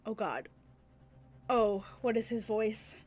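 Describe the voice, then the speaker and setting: A woman's voice: a little high, animated, slow, a little mellow, slightly rough. A young woman streamer chatting playfully while she plays a story game. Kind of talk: casual gameplay commentary. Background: faint game music.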